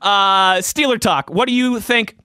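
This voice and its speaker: A man's voice: sits high, a little slow, bright, forceful tone, smooth, no echo, clean studio sound. A young man hosting a sports talk show, chatting loosely and reading out listener tweets, laughing easily. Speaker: sports podcast host.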